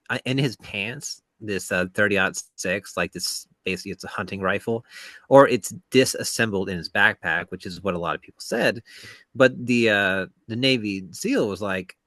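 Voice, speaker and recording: Bright-toned man explaining things at length. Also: on the low side, dry recording. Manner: lengthy explaining with frequent "uh" pauses. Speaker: podcast co-host. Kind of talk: casual podcast chat.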